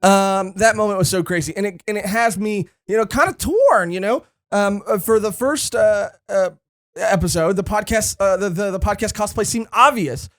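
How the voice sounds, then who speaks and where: A man co-hosting a podcast in casual chat, excitable and fond of saying "dude". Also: sits high, normal speed. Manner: excitable, says "dude" a lot; muffled by a cosplay helmet and beard. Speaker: podcast co-host.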